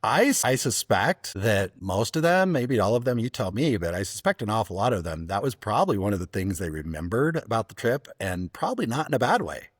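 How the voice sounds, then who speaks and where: A man hosting a travel podcast who asks questions and tells his own stories, with thoughtful pauses and restarts. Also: lowish voice, sing-song, slightly rough, no room sound, clean studio sound. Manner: thoughtful, hesitant restarts, storytelling. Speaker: podcast host. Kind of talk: casual interview.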